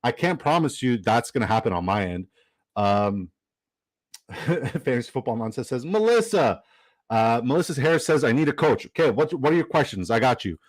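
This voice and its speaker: A man's voice: mid-range voice, animated, moderate pace, no room sound, poor audio. Chatty male streamer, dry close sound. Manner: chatty and upbeat, rambling with fillers and shout-outs. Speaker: livestream host. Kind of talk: casual live-stream chat, reading viewer comments.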